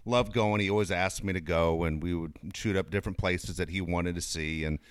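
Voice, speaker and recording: A middle-aged man in casual chat who speaks in a measured, reflective way. His voice is very low and smooth, and the recording is dry and close. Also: steady tone, no echo. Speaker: co-host.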